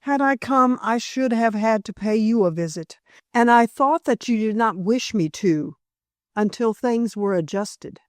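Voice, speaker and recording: A feverish young man speaks wearily but fondly, read by a woman narrator. His lines are gentle and reassuring, with a dry, close audiobook sound. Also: on the high side, lively intonation, a little slow, no room sound. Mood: tired, reassuring.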